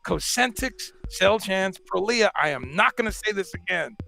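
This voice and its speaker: A man's voice: high voice, lively intonation, normal speed, gravelly, bright, forceful tone, faint music behind, heavily acted. A man voicing a scolding parent who calls out a roll of unruly children in a sing-song, exaggerated way, over a video call.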